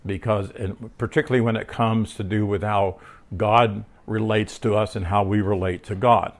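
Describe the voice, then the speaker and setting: A man with a somewhat low voice teaches scripture in a loose, conversational way. He stumbles and restarts his sentences often, wanders into personal anecdotes and keeps asking his listener for agreement. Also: fairly even intonation, moderate pace. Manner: rambling, frequent restarts and filler words; tells personal stories mid-teaching. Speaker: Bible teacher.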